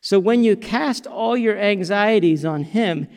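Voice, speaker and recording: A man preaching a sermon as pastor, animated, acting out the quotes he reads. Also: sits high, unhurried, in a large hall. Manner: animated, sings song lines and acts out quotes.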